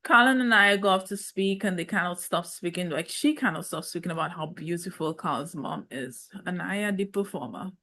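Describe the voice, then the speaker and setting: A woman's voice: fairly low pitch, moderate pace, hardly any pauses, pushed and bright, a little hiss or hum. A woman in a casual, sassy reality TV recap, with speech and playful, opinionated asides. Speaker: reality show recap host.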